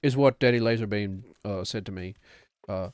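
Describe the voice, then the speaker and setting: A man's voice: fairly low pitch, normal speed, darkish tone, dry recording, studio quality. A man streaming a game, chatting in a rambling, self-deprecating way. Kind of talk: casual chat while gaming.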